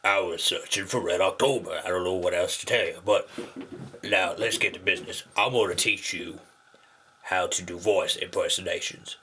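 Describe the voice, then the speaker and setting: A man voicing an older gentleman, talking in a low, casual, matter-of-fact way with a husky voice. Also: steady tone, moderate pace, slight background noise. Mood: laid-back. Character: older gentleman, calm and unhurried.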